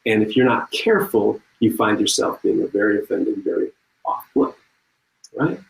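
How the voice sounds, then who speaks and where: A man's voice: fairly low pitch, moderate pace, vocal fry, roomy sound, rough recording. Humorous middle-aged man giving a talk. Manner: humorous, lively storytelling with audience asides. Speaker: conference speaker. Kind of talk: conference talk.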